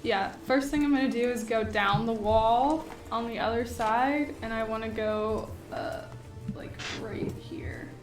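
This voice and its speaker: Woman, tabletop player, giggly, slow unhurried talk, echoey room, music behind. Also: fairly high pitch, distant mic. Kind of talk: casual tabletop play.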